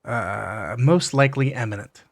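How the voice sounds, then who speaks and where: A man narrating a tabletop game as game master, halting with fillers and restarts. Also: mid-range voice, gravelly.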